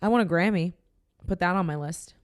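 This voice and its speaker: A woman's voice: fairly low pitch, brisk, no echo, clean studio sound. A young woman hosting a podcast, chatting and teasing her co-host in a playful, casual way while having a drink. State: tipsy from drinking.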